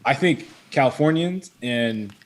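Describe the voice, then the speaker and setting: A man's voice: medium pitch, lively intonation, a little slow. A Canadian man co-hosting a podcast, easygoing, chiming in with short remarks. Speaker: podcast co-host. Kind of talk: casual podcast chat.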